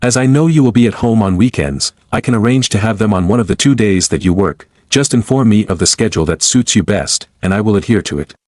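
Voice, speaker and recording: A man narrating a first-person story in a formal, measured, cold and deliberate way. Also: fairly low pitch, lively intonation, darkish tone, no echo.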